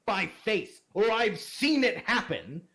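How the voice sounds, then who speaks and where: A man voicing a gruff older military lord who is blunt, contemptuous and swears freely. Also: sits high, big pitch swings, slow, pushed and bright, pitched above the performer's own voice, heavily acted. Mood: haughty.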